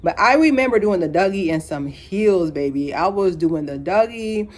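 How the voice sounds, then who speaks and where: A woman in her thirties ranting casually to camera, animated, with frequent laughs and playful asides. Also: lowish voice, normal speed. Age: 30s. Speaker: vlogger. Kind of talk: casual opinion rant to camera.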